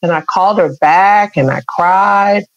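A woman's voice: medium pitch, measured pace, no room sound, muffled recording. Earnest woman telling a painful story. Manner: emotional, earnest, acts out quoted voices. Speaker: guest. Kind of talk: personal storytelling in an interview.

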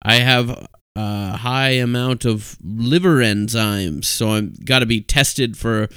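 A man co-hosting a podcast in casual chat, joking and halting with lots of fillers. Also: mid-range voice, bright, forceful tone, clear, resonant tone, no room sound, clean studio sound. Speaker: podcast co-host.

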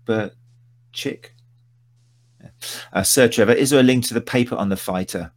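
A man's voice: mid-range voice, fast. A man hosting a casual live-stream chat, teasing and rambling with his guest. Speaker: podcast host.

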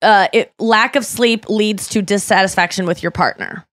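A woman's voice: mid-range voice, moderate pace, fairly bright tone, no room sound, studio quality. Chatty woman host with a smoky morning voice. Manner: chatty, self-deprecating, trails off and restarts. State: morning voice, a little smoky and worn out. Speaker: podcast host. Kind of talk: casual studio chat. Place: home podcast studio.

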